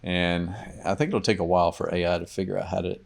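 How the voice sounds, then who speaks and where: A man's voice: low voice, steady tone, quick pace, gravelly. A man, a doctor and podcast guest, chatting casually and telling stories in which he acts out the people he quotes. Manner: storytelling, acts out quoted patients.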